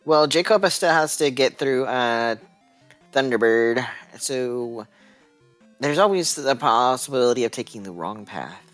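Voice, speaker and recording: A man's voice: medium pitch, lively intonation, unhurried, a bit bright, no room sound, faint music behind. A man with a Texan accent co-commentating a game tournament, dropping dry joking asides.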